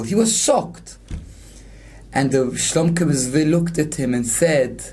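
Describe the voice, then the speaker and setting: A man's voice: a little high, expressive, slow pace, darkish tone, breathy edge. Male rabbi, earnest sermon delivery, storytelling, glosses each Hebrew term in plain speech. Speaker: rabbi giving a Torah class.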